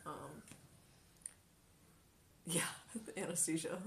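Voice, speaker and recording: A woman's voice: lowish voice, moderate pace, slight background noise. A woman streamer in casual chat, talking loosely with many ums and likes and laughing often. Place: home kitchen.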